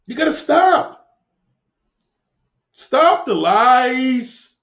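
High-voiced man ranting on a livestream. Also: sing-song, extremely slow, fairly bright tone. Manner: combative, preachy, profane, repeats himself. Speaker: livestream host answering chat. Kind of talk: live-stream rant. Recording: echoey room, dull lo-fi sound.

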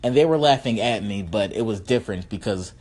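A man's voice: lively intonation, a little fast, darkish tone. A man hosting his own podcast, rambling and self-mocking with profanity, a little tipsy. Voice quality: slightly high, funny-sounding voice. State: slightly tipsy from drinks. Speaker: podcast host. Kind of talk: casual solo podcast monologue.

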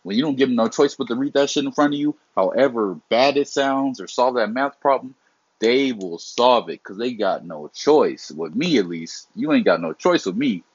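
A man's voice: mid-range voice, animated, moderate pace, breathy edge, no echo, dull audio. A young man in a heated, profane, rambling monologue, often restarting his sentences. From immigrant family. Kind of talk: casual unscripted monologue.

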